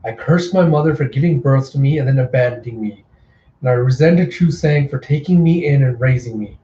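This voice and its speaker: A man's voice: mid-range voice, fairly quick, dark tone, slight background noise, close to an everyday voice. A man voicing a theatrical, mocking male clown killer in a manga readthrough, with a giddy, taunting, raised voice. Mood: brooding. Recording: echoey room, dull lo-fi sound.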